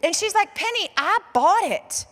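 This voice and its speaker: A woman's voice: extremely high pitch, normal speed. An American woman pastor telling a story in a sermon, acting out the dialogue and saying "like" a lot. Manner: animated storyteller acting out dialogue, says "like" often. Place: church auditorium. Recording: long reverb of a church hall.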